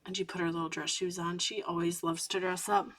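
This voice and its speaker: A woman in her thirties, host of a coloring channel, chatting softly late at night while coloring, sometimes dropping into a whisper. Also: on the low side, little pitch movement, fairly quick. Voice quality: gravelly, husky voice. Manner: soft-spoken, drifting into whispers at times.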